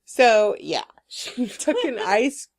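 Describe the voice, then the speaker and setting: A woman co-hosting a casual chat podcast, telling a story in a lively, laughing way and swearing freely. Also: on the high side, extremely slow. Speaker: podcast co-host. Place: Portland, Oregon area.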